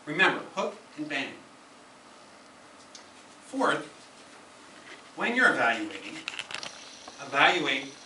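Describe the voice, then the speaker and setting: Man at the lectern, emphatic teacher type, bright voice, taped from the back of an echoey room. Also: a little high, a little hiss or hum. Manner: emphatic, instructive, repeats key phrases. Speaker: speaker at a speaking club meeting. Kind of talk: prepared educational speech. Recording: echoey room, camera from far off.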